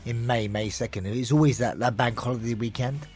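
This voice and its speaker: A man's voice: mid-range voice, fairly quick, a little mellow, soft background music. A man co-hosting a podcast who mumbles a lot, his words tumbling out in casual chat. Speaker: podcast co-host.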